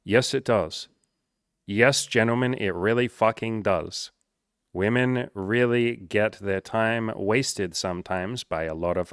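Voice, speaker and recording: A man's voice: on the low side, slow pace, clear, resonant tone, no echo, studio quality. A young man coaching on dating, talking casually, bluntly and with lots of swearing. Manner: blunt, profane, energetic. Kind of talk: casual monologue reading client messages.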